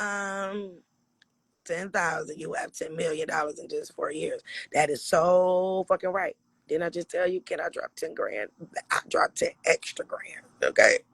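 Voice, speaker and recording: Raspy guy from michigan, high voice, blunt and swears a lot, dry close sound. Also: bright, forceful tone, dry recording. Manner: blunt, profane, laughs often. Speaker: livestream host. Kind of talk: casual livestream chat answering viewer questions.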